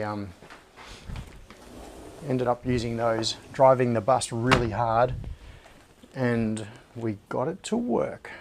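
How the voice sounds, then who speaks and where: A man's voice: mid-range voice, a little mellow. A man hosting a live stream, chatting casually and muttering to himself while he searches a workshop clean room. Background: rustling anti-static bags and clicks.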